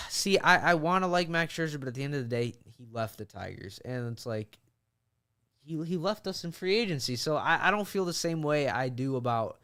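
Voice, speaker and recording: Young michigan guy, easygoing podcast cohost, smooth clear voice, lots of likes and ums. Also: fairly high pitch, expressive, normal speed, a bit bright. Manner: easygoing, rambling, with many fillers. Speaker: podcast co-host. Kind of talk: casual chat.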